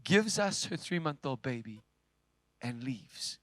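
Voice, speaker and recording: A man preaching a sermon, telling a story with big swings from loud, forceful lines to hushed ones. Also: medium pitch, big pitch swings, slow pace, no room sound. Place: church.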